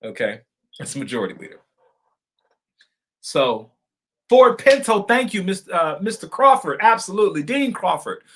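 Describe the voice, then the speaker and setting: A man hosting a political live stream, talking straight to his viewers and reading their comments, fervent and repetitive, swinging from loud outbursts to quiet asides. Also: high voice, big pitch swings, moderate pace, long pauses, a little hiss or hum. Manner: addresses viewers directly as y'all and folks.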